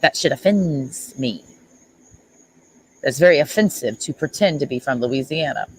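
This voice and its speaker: A woman's voice: extremely low pitch, lively intonation, normal speed, slight background noise, rough recording. A woman streamer ranting at someone in a sarcastic, mocking and confrontational way. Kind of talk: livestream rant.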